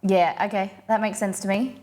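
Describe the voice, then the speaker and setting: A woman's voice: medium pitch, fairly even intonation, moderate pace, a little mellow. Chatty Australian woman hosting a live stream. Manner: rambling, chatty, many restarts and fillers; acts out quoted phrases in playful voices. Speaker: livestream host. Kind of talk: casual chat reading viewer comments.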